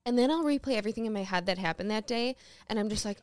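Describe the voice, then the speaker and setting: A young woman co-hosting a podcast, telling stories in a lively way and acting out what others said, laughing as she goes. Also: mid-range voice, very fast, clean tone, no room sound. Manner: animated storytelling, acts out quotes with laughter. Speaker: podcast co-host. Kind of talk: casual chat.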